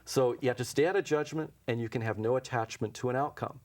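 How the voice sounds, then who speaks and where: Talking fast at a medium pitch, a man being interviewed as an intuition teacher shares casual, anecdotal stories. He acts out the conversations and chuckles a lot, all in a local TV studio.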